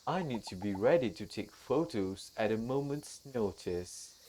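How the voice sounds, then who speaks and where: A woman doing a hushed old grandpa. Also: very deep voice, lively intonation, measured pace, slight background noise. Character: gentle old grandfather, keen bird photographer. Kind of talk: game dialogue read aloud by a streamer. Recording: faint game music behind.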